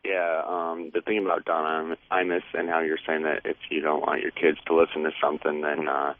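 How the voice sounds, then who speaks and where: A man from Michigan calls in with a very deep, monotone voice, stumbling through his point with plenty of fillers. He comes through a thin, phone-like line. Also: a little fast, no echo. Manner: hesitant, full of ums and uhs. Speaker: radio caller. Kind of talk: phone-in comment.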